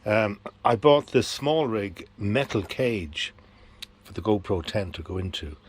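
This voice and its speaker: A man's voice: on the low side, expressive, a little slow, slightly rough. A middle-aged man with an Irish accent, vlogging to a handheld camera in an easygoing, rambling way with plenty of fillers. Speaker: travel vlogger. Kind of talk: casual chat to camera. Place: outdoors on a busy street. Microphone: handheld action camera. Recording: outdoor street noise behind.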